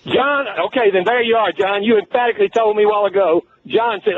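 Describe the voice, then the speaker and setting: A man's voice: sits high, fast. An older man, a regular caller to a sports radio show, insistent and needling as he repeats his point. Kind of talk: argumentative phone-in call. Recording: tinny phone line with faint hiss.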